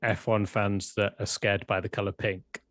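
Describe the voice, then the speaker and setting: A man chats easily on a live stream, laughing now and then. His voice sits fairly low, and the sound is close and dry with no room echo. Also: normal speed. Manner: relaxed, laughs often, enthusiastic. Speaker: co-host and channel founder. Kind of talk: casual live-stream chat.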